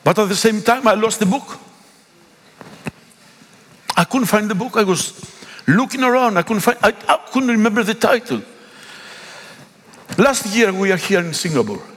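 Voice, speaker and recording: Animated Greek-accented pastor preaching. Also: male voice, high-pitched, normal speed, pauses often. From Greece. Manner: animated, emphatic, acts out dialogue. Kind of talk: sermon storytelling. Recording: echoey hall.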